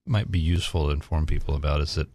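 A man's voice: very deep voice, racing, darkish tone, breathy edge, dry recording. A man who is a guest on a radio talk show, telling stories and acting out quotes. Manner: tells anecdotes with acted-out quotes. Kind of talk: animated storytelling on radio.

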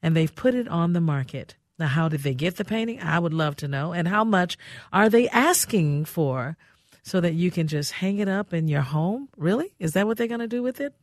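A woman's voice: lowish voice, animated, moderate pace, no room sound, studio quality. A woman hosting a radio talk show, chatty and effusive, often laughing. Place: radio studio.

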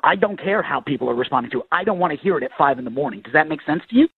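A man's voice: a little high, expressive, rapid-fire. A man on a phone call, blunt and exasperated as he complains. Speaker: prank call target. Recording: muffled phone line.

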